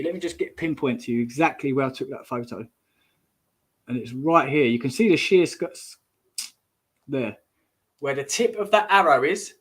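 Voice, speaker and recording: A man hosting a casual livestream, rambling and exclamatory, often trailing off and restarting mid-sentence. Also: on the high side. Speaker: host.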